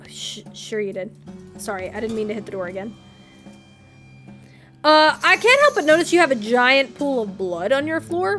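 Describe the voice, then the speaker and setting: A woman's voice: a little high, sing-song, moderate pace, long pauses, fairly bright tone, soft background music. A woman streamer reading game text aloud, with playful, wry asides to her viewers.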